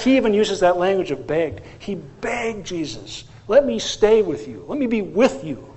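A man preaching a sermon as pastor, animated and asking the congregation questions. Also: high voice.

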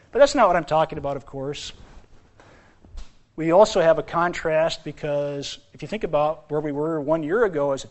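A man preaching a sermon as pastor in his church, moving between loud exclamations and quiet asides. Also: on the high side.

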